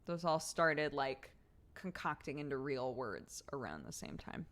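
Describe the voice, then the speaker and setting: A woman's voice: rumbling low, big pitch swings, measured pace, fairly bright tone. A young woman streamer chatting casually with her viewers, giggly and rambling as she tells stories. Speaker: streamer host reading chat.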